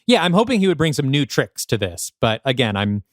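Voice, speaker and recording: Brief: an easygoing male co-host, relaxed chat, dry recording. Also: medium pitch, a little fast, no echo. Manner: easygoing, laughs often. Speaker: podcast co-host and narrator. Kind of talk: casual chat.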